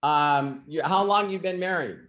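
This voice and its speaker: A man hosts an ask-me-anything session in a relaxed, storytelling manner. He rambles, restarts his sentences and throws in asides as he goes. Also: a little high, a little slow. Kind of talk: casual storytelling and advice.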